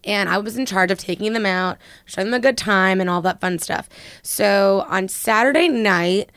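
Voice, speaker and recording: A young woman co-hosting a podcast, telling a story with lots of fillers and a slightly hoarse voice. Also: medium pitch, moderate pace, no echo, clean studio sound. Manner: animated storyteller, many fillers. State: hoarse after a late night. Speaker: podcast co-host. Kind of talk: casual chat, storytelling.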